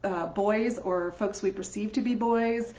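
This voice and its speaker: A woman with a Canadian accent, a voice teacher chatting on a live stream, upbeat and quick to laugh. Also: medium pitch, steady tone, mellow. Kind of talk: casual live-stream chat. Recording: echoey room, slightly dull sound.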